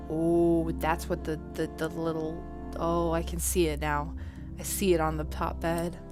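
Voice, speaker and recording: A woman's voice: deep voice, level tone, a little slow, over music. A woman streaming a horror game, talking herself through it with jumpy, nervous laughter and reading the game's text aloud. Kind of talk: casual game commentary.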